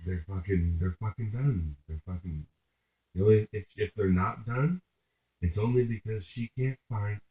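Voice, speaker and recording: A deep-voiced man rambles through a crude, winding story, swearing freely and stumbling over his own restarts. He sounds like he's in an echoey room, and the audio comes through thin and phone-like. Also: normal speed. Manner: profane, meandering, restarts mid-sentence.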